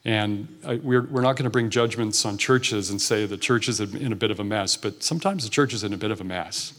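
A man's voice: fairly low pitch, fairly quick, a bit bright. Earnest conversational male preacher. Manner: earnest and conversational, with frequent restarts. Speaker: guest preacher. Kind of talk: informal sermon. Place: church sanctuary.

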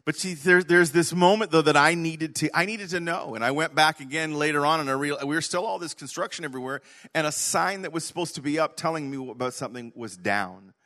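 A man preaching a sermon, telling an animated story, swinging from loud to hushed. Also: fairly high pitch, a little fast. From Canada. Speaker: pastor.

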